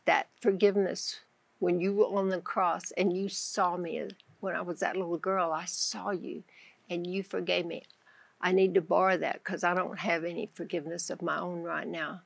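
A woman with a Texan accent tells her faith story on a Christian talk show, speaking in a low, gravelly voice. She tells it with animation, acting out her own prayers as she goes. The sound is dry and close, with no room echo. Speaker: guest author.

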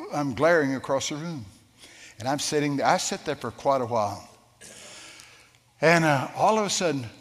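A man preaching a sermon, telling a story with lively shifts and asking the congregation questions. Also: on the high side. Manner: storytelling, animated, asks the crowd questions. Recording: long hall reverb.

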